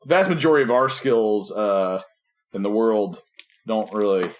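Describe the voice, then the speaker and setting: A man's voice: fairly low pitch, lively intonation, unhurried, a little hiss or hum. A man co-hosting a casual podcast over a call, rambling and joking, often trailing off mid-sentence. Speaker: podcast co-host. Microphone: remote video call.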